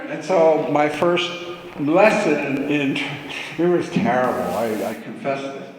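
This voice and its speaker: A man's voice: on the high side, takes it slowly. A man from Alaska giving a reflective storytelling talk to a gathering, with playful asides. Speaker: speaker at a gathering. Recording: echoey hall, long reverb, faint hum.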